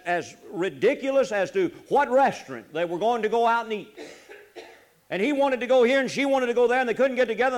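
A man preaches a folksy sermon on marriage, swinging from loud exhortation to low, quiet asides.

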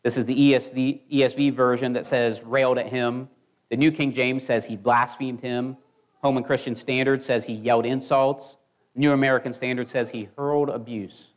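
Guy preaching a sermon, earnest and measured, middle-pitched voice, restarts a word here and there.

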